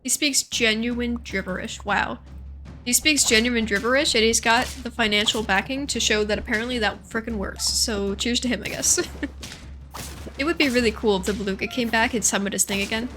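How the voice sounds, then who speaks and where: Bright-voiced young woman chatting through a game. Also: on the high side, fairly even intonation, faint music behind. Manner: chatty, thinks aloud, quick asides and self-talk. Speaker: gaming streamer. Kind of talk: casual gameplay commentary.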